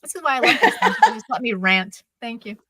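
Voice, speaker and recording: A woman co-hosting a live stream chat, ranting in an exasperated, animated way. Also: fairly high pitch, fast talker, no echo. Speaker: co-host.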